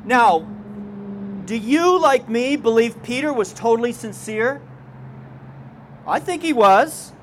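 A man with a high-pitched voice preaches a sermon to his congregation. He keeps it conversational, drops in folksy asides and puts questions straight to his listeners. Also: expressive, takes it slowly, pauses often, a bit bright, slight background noise. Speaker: pastor.

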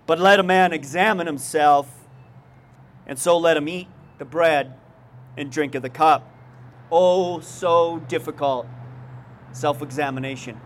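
A man with a high-pitched voice preaches a sermon to his congregation. He keeps it conversational, drops in folksy asides and puts questions straight to his listeners. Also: a little slow, pauses often. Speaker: pastor.

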